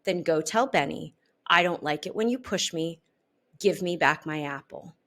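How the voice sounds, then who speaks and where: A woman voicing a gentle butterfly teacher who speaks slowly, soothingly and firmly. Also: mid-range voice, big pitch swings. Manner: soothing, slow and firm.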